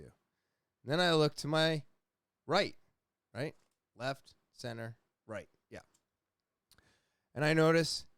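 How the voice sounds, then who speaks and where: A young adult man hosting a podcast, casually telling a rambling, profane story with animated retellings. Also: on the high side, dry recording, studio quality. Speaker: podcast host.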